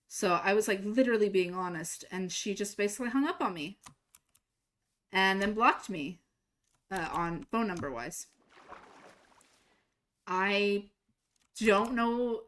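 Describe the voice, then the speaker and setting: While gaming on stream, a young woman shares a personal story in a relaxed, lively way. Whenever she quotes someone, her voice leaps higher to act the line out.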